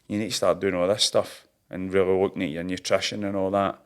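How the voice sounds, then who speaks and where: Low-voiced Scottish boxer in his thirties. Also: flat delivery, fast. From Scotland. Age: 30s. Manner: chatty storyteller, laughs at himself, broad slang. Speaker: professional boxer. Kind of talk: casual interview chat.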